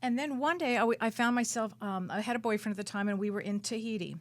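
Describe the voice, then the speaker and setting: A woman who works as a psychic medium, a guest on a radio talk show, telling her story in an animated, dramatic way and repeating words for emphasis. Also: fast talker. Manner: animated, dramatic storytelling with big swings in pitch and loudness.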